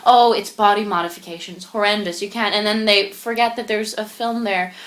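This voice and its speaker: A woman filmmaker chatting as an interview guest, fast and excitable, laughing often. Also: medium pitch. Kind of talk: casual interview chat.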